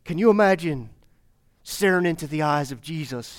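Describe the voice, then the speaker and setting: A man's voice: fairly high pitch, animated, moderate pace. A man preaching a sermon as pastor, speaking to his congregation with repeated phrases and rhetorical questions. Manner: repetitive, rhetorical questions, addresses congregation directly.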